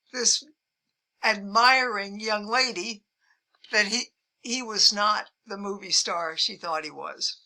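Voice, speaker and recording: An older woman shares amused travel stories in an unhurried, deliberate way. Her voice has a gravelly fry to it, yet the tone stays bright and forceful. She lifts her pitch whenever she quotes someone. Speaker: travel vlogger. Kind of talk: storytelling anecdotes to camera.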